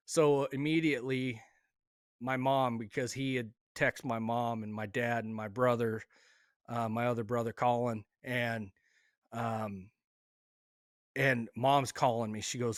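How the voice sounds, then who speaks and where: Halting, emotional man telling a story. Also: medium pitch, level tone, a bit bright, no echo, clean studio sound. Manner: emotional, halting with fillers and restarts. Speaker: hunter telling his story. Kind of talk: casual storytelling.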